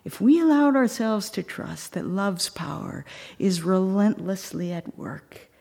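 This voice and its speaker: A woman's voice: medium pitch, animated, gravelly, darkish tone, breathy edge. A woman preaching a reflective sermon, telling a story and sometimes dropping to a near whisper. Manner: reflective, slows and drops to a near whisper at times.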